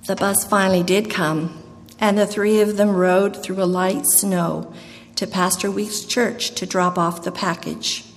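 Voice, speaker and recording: A woman reading a Christmas storybook aloud in a gentle, measured way. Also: mid-range voice, flat delivery, slight background noise. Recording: long hall reverb, faint ambience.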